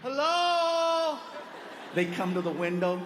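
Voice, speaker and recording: A man doing stand-up comedy, telling stories in an animated way and laughing often. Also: high-pitched, moderate pace, noisy background. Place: comedy stage before a live audience.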